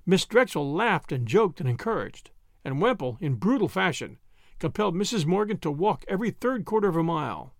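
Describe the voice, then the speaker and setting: A man narrating an audiobook in an animated reading style. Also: sits high, fairly quick, dry recording, clean studio sound.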